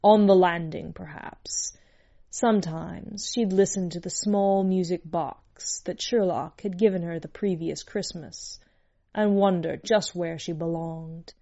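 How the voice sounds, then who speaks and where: A woman reads a story aloud at a very slow, unhurried pace. Her voice is mellow and fairly low for a woman. The sound is a little dull and lo-fi. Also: steady tone. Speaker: narrator.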